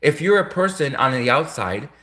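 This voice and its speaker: A man's voice: mid-range voice, sing-song, normal speed, pushed and bright. A man talking straight through a rambling casual monologue, often restarting and repeating his sentences.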